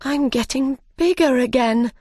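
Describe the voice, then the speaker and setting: A woman doing a puzzled young storybook girl with a high, earnest voice. She sounds curious and wondering, and she is recorded close and dry. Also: unhurried, dark tone, dry recording.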